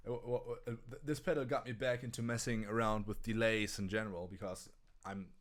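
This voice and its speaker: German-accented man, stammering and lower-pitched. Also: steady tone, brisk. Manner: hesitant, many restarts and stammers. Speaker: co-host. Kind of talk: casual live stream chat.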